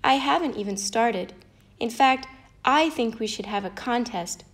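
A woman's voice: fairly high pitch, animated, measured pace. A woman voicing the boastful male north wind in a storybook fable, jeering and bragging.

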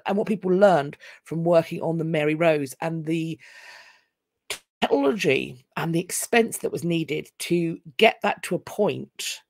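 A low, slightly mellow female voice belongs to a history channel host from England with a London accent. Running a casual live stream, she's chatty and wry and keeps restarting her sentences, and the studio-quality recording has no echo.

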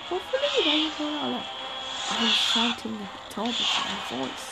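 A woman giving casual, excitable commentary over her own gameplay video, exclaiming at the game as she plays, into a computer microphone. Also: fairly high pitch, moderate pace, creaky, low-quality recording. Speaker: gaming video creator. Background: loud game music.

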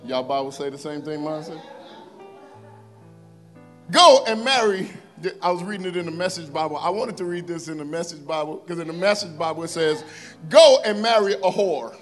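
High-voiced preacher reading scripture. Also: male voice, fairly even intonation, soft background music. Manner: reads scripture slowly and emphatically, with joking asides to the congregation. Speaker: pastor. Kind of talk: sermon. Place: church sanctuary.

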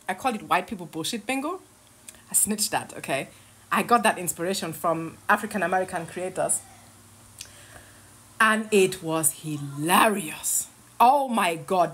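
A woman's voice: on the low side, a bit bright, breathy edge. A woman in her thirties ranting casually to camera from her bed, sarcastic and heated, swearing and laughing between jabs. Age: 30s. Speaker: online creator. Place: lying in her bed at home.

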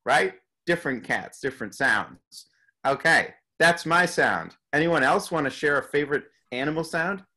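A man leading a beatboxing workshop over a video call, upbeat and playfully imitating animal sounds in a high voice. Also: expressive, normal speed, pushed and bright. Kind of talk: leading an online group session.

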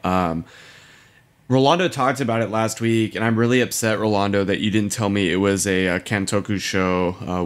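A young man on a casual podcast with a lowish voice, talking loosely and rambling through his points. He stumbles over his words with plenty of fillers and laughs at himself. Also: clean tone. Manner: rambling, lots of fillers, admits being drunk. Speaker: podcast co-host. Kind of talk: casual chat.

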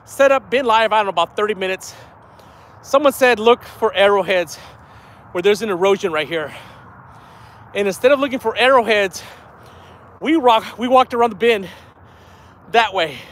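A man streaming a live fishing vlog outdoors on a riverbank, out of breath, excited and laughing often. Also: sits high, normal speed, long pauses. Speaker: fishing vlogger.

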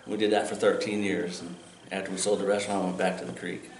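A man's voice: sits low, level tone, fast. A man from California telling his story in a casual interview. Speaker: former restaurant owner, shellfish harvester. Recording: echoey with faint outdoor noise.

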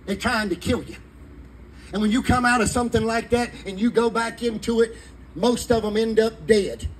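A man's voice: extremely high pitch, fairly quick, slight background noise, poor audio. A man, preaching fervently in a sermon to a live congregation. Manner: fervent preaching in Southern vernacular. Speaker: pastor.

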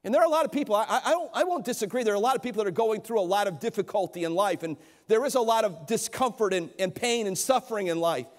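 A man preaches a sermon in a notably high voice, pressing his points earnestly and often restarting or repeating his words. The sound rings out with the long reverb of a church sanctuary. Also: fast, hardly any pauses. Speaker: pastor.

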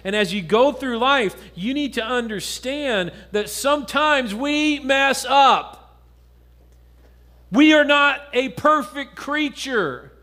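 Pastor, male, high voice, earnest sermon delivery that drops soft and low for stories. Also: lively intonation, slow. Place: church.

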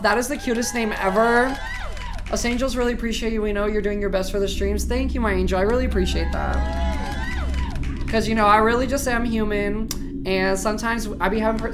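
A woman streamer commenting on gameplay live, reacting to chat with slang and swearing. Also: mid-range voice.

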